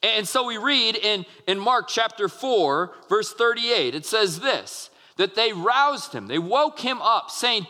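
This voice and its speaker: A man's voice: high-pitched, expressive, takes it slowly, few pauses, bright, forceful tone. A man, a pastor, preaching earnestly to his congregation, restarting phrases as he explains and acts out short quotes. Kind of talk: sermon. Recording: long hall reverb.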